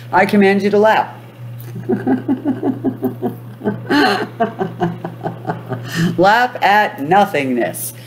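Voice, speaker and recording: A woman's voice: deep voice, a little hiss or hum. A woman coaching her viewers on manifestation, giving commands again and again and breaking into laughter. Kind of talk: motivational self-help talk to viewers.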